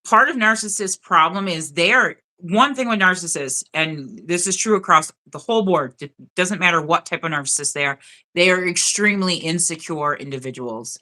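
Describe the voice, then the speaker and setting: A woman's voice: lowish voice, normal speed, pushed and bright. A woman hosting a live stream, reading notes aloud in a chatty way and often checking in with "okay?". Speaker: host of a live spiritual stream.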